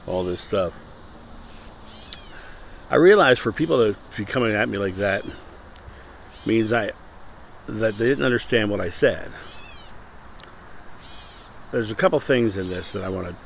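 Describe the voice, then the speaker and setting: Low-voiced man in earnest morning chat. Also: slight background noise, low-quality recording. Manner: earnest, self-correcting with many restarts. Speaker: spiritual channel host.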